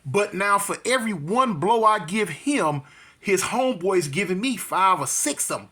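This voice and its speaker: A man telling a street fight story in slangy, animated talk, acting out voices and punch sounds. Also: high voice, normal speed, breathy edge.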